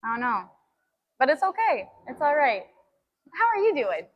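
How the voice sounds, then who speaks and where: A woman's voice: high voice, big pitch swings, moderate pace, muffled recording. A young woman streaming a gym workout, chatting casually and breathlessly between sets, restarting her sentences. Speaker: fitness streamer.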